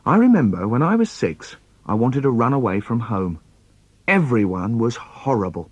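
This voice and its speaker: A man's voice: mid-range voice, moderate pace, husky, no room sound. Playful man reciting poems. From London. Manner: playful, expressive, swooping delivery. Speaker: children's poet. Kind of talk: storytelling poem recitation for children.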